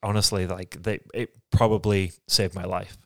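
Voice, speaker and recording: This is a man from England with a very deep voice. He talks in a soft, reflective, halting way during a candid podcast chat. The sound is dry and close, with no room echo. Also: little pitch movement. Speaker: podcast co-host. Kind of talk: candid personal conversation.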